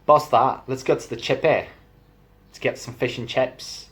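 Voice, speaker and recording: A man's voice: medium pitch, steady tone, unhurried, fairly bright tone, breathy edge. A man voicing a cheery young male Liverpool lad in a Scouse accent, bantering in slang about the match. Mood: chirpy. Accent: Scouse imitation.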